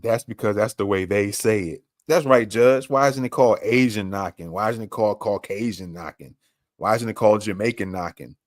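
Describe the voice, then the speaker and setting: A man's voice: fairly low pitch, brisk, dry recording, clean studio sound. A man hosting a podcast, commenting on a clip with emphatic, repeated rhetorical questions. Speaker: podcast host.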